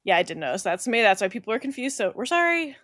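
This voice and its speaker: Young woman chatting on a podcast, kinda high voice, super animated, does little voices for people, dry close mic. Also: fast, no room sound. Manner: animated, acts out quoted voices, laughs often. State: pregnant. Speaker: podcast co-host. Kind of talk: casual chat, storytelling.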